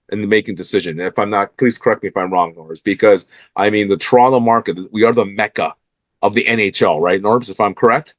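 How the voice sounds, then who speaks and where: A man's voice: on the low side, fairly quick, no room sound. A man hosting a sports talk show, fired up and emphatic as he calls out the team's owners.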